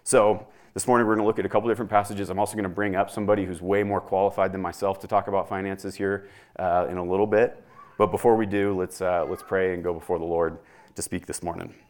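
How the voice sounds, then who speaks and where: A young man delivers a sermon in a relaxed, conversational way. His voice sits somewhat low, and he reads scripture aloud, then explains it plainly to the congregation. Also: fast talker. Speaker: pastor.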